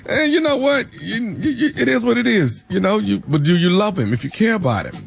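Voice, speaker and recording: Gravelly laid-back man giving advice. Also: high-pitched, big pitch swings, a little fast, no room sound. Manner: laid-back, repeats himself, chuckling. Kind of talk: casual advice chat.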